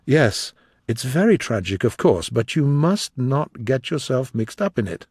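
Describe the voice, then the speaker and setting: A man reading an audiobook voices Lord Henry, a worldly gentleman, in a low, measured, grave tone. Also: very animated, breathy edge, no echo, studio quality. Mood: dismissive.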